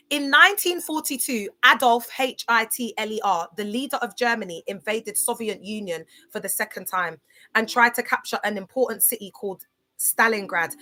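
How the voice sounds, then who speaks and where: A woman talks bluntly on a casual livestream. Her voice sits fairly high and sounds bright and forceful. She repeats herself a lot and keeps calling out to viewers by name.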